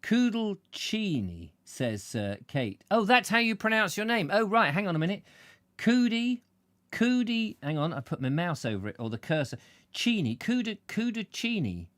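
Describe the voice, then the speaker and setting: A man's voice: a little high, sing-song, a little fast, hardly any pauses, fairly bright tone, dry recording. A man hosting a chatty show, rambling playfully and tripping over names as he reads out comments. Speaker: show host. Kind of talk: chatty live-stream banter.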